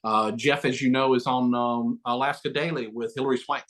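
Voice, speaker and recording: A middle-aged man, an actor and auctioneer, telling quick, joking stories as an interview guest on a video call. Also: medium pitch, steady tone, fairly bright tone. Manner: fast, name-dropping, joking. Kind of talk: animated interview storytelling.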